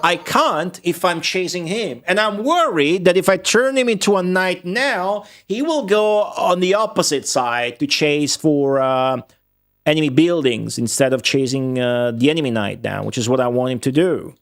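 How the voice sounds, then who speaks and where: A young man streaming a strategy game, talking to viewers in excitable commentary full of swearing. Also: on the high side, normal speed, dry recording, clean studio sound. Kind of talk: casual gameplay commentary.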